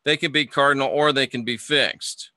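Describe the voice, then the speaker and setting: Guy on a livestream, super bright edgy voice, dry close mic, talks to chat and trips on words. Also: medium pitch, fairly even intonation, moderate pace, no room sound. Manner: chatty, reads viewer comments aloud, stumbles and restarts. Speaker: livestream host teaching astrology. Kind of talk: casual livestream lesson reading chat.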